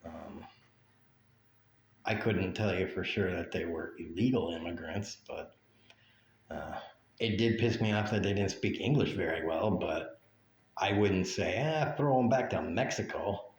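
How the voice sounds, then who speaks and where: Slow, blunt, profane ranting man. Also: sits low, vocal fry, reverberant, slight background noise. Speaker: vlogger. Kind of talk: ranting monologue.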